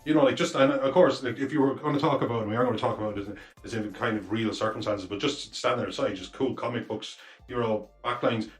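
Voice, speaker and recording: A man's voice: medium pitch, fast talker, hardly any pauses, faint music behind. A man co-hosting a podcast, talking in a rambling way with many fillers and restarts. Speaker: podcast co-host. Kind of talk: casual chat.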